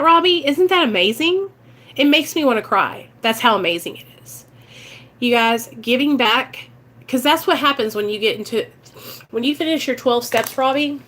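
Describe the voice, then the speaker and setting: A woman with a Midwestern American accent speaks earnestly and emotionally to viewers in a casual livestream chat about recovery. As a recovery vlogger, her voice sits on the high side and sounds a bit bright.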